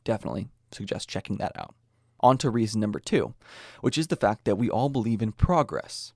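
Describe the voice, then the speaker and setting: A brisk, expressive young American man with a lowish, somewhat mellow voice hosts a podcast. He gives a scripted explanatory talk, sincerely walking through ideas and dropping in small personal comments. The sound is clean studio audio with no room sound.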